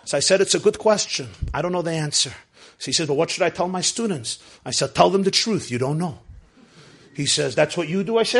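High-voiced man teaching a Torah class. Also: animated, husky. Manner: emphatic, with many rhetorical questions; swings between hushed, slow lines and loud, driving ones. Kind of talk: Torah class talk to listeners.

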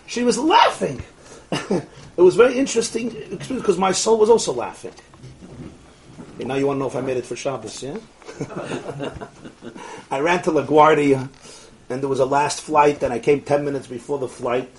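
A man tells a story from the pulpit, acting out the dialogue as he goes. His voice sits a little high, and faint noise hums underneath. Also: normal speed, long pauses. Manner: animated, laughing, quotes dialogue. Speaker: rabbi lecturing. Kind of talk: storytelling sermon.

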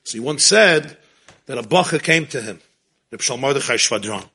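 A man teaching a Torah class, telling stories in a lively way and mixing in Hebrew and Yiddish terms. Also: medium pitch, fairly quick, gravelly, breathy edge.

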